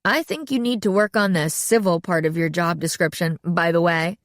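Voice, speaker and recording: A woman's voice: on the low side, moderate pace, no room sound, studio quality, natural voice. A woman voicing a blunt, fiery female chef who speaks curtly and sharply. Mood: indignant. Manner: curt, sharp, sniping.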